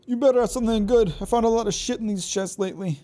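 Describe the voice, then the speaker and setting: A man streaming a video game live, reacting excitably, swearing and taunting the enemies he fights. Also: high-pitched, fast. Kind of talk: live gameplay commentary.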